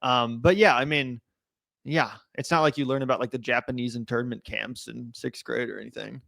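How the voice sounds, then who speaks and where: A man's voice: medium pitch, steady tone, moderate pace, creaky, a bit bright, no echo, studio quality. A man co-hosting a casual reaction podcast, rambling and profane with frequent laughs. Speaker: podcast co-host. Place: studio in a city neighborhood.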